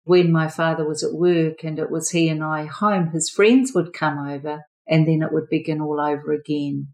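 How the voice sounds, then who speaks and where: Low-voiced older New woman. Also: little pitch movement, a little mellow, low-quality recording. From New Zealand. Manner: measured, earnest recounting. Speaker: former therapist sharing her story. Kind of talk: personal testimony.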